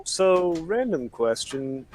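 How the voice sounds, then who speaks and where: A man's voice: fairly high pitch, big pitch swings, slow pace, noisy background. A man playing a tabletop game who asks the others questions about the rules. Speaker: player. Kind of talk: casual game chat.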